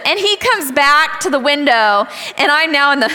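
Woman, sermon with personal stories, high bright voice, animated and laughing, hall reverb. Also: normal speed. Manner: animated storytelling, laughs often, acts out voices. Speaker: speaker.

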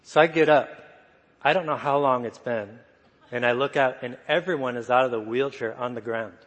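Soft-spoken male preacher, mid-pitched, easy storytelling, reverberant church hall. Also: normal speed, lo-fi sound. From United States. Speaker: guest preacher. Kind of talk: sermon storytelling.

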